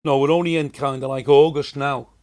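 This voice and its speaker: A man's voice: medium pitch, steady tone, fairly quick, darkish tone. A man in his sixties with a Liverpool accent, a comedian telling rambling, chatty anecdotes as a podcast guest. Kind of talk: casual storytelling.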